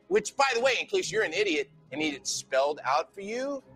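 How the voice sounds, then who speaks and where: A man's voice: high voice, sing-song, fairly quick, husky, soft background music, exaggerated voice. A man voicing an enraged sorority sister ranting. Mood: shouting. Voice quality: profane, sneering, swings into shouting. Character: furious young woman sorority officer ranting. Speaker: actor reading an email aloud. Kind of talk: dramatic reading of a profane rant.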